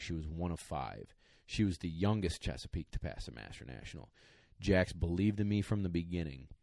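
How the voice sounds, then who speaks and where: A man's voice: sits low, a little mellow, no room sound, clean studio sound. A man co-hosting a podcast, telling a rambling, emotional story in casual chat, choking up and tearing up as he talks. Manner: emotional, rambling, choked up at times. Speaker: podcast co-host, dog trainer.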